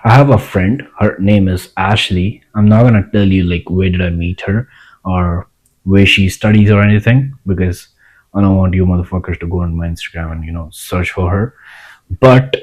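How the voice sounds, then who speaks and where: A man's voice: deep voice, moderate pace, a little mellow, poor audio. A young man, talking casually to the camera in a rambling way, repeating himself and restarting lines. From India. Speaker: vlogger.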